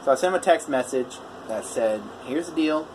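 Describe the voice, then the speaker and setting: A man's voice: fairly high pitch, a little fast, noisy background. A man, a welder, telling a customer story in a casual vlog, acting out both sides of a heated phone call. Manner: animated retelling, quoting both sides of a phone argument.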